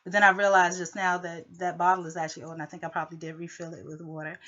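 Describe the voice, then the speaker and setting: A woman's voice: fairly low pitch, flat delivery, racing, fairly bright tone, lo-fi sound. A woman rambling through a personal conflict story, full of filler phrases.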